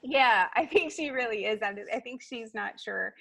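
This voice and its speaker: A woman's voice: a little high, expressive, moderate pace, gravelly, fairly bright tone, dry recording, low-quality recording. A woman in her thirties, a guest in a casual interview, telling stories in a chatty way with lots of fillers. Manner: chatty storyteller, many fillers, acts out quotes. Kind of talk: casual chat.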